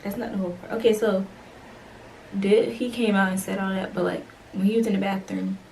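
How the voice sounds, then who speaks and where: A young woman vlogger telling a storytime tale casually, acting out the dialogue with slangy, animated delivery. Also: mid-range voice, fairly quick, gravelly, recorded from a distance, a little hiss or hum, rough recording.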